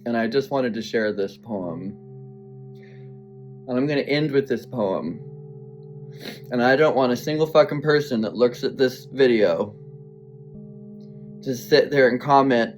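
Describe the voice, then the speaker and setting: A man recounts a personal story in a heartfelt, earnest vlog, his voice pitched in an ordinary middle range. He speaks bluntly and swears now and then. Soft music plays faintly behind him. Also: expressive, unhurried, pauses often. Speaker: vlogger.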